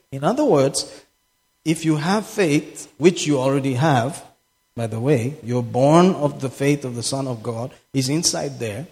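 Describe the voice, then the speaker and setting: A man's voice: mid-range voice, measured pace, darkish tone. A man preaching a sermon as pastor, impassioned and repeating phrases for emphasis. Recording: echoey hall with long reverb.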